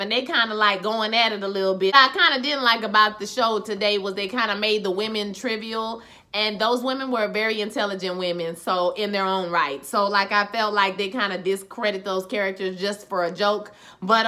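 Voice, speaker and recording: A woman giving a casual, animated recap of a TV episode, talking in slang straight to her viewers. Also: mid-range voice. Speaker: TV episode reviewer.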